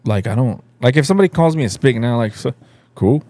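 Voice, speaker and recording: A man's voice: medium pitch, animated, quick pace, a little mellow, no echo. A young man from Mexico co-hosting a podcast, telling a school story in a loose, profane way. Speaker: podcast co-host. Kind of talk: casual chat, storytelling.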